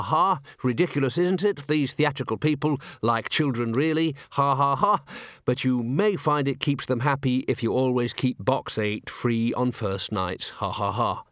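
A man voicing a fussy, excitable middle-aged businessman who stammers and blusters when worried. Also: medium pitch, no room sound, clean studio sound, natural voice.

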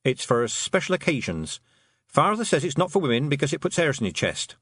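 Storybook girl, young, stubborn, fierce, sharp and demanding, high lively voice, put on by a male narrator, dry close sound. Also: brisk, slightly rough, no room sound, full character voice. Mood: matter-of-fact.

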